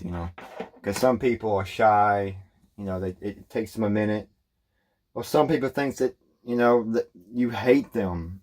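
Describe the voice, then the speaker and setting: A man's voice: sits low, a little mellow. A man talking casually to his viewers in a vlog, rambling with many fillers and restarts. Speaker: YouTuber. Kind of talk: casual vlog talk to camera.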